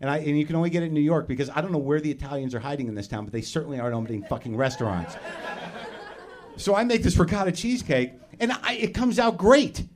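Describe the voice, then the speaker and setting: A man with a slightly higher-than-usual voice rambles through a self-deprecating stand-up story, swearing freely and restarting his sentences. He is on a live comedy theater stage, talking into a stage microphone. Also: quick pace. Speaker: podcast host doing stand-up.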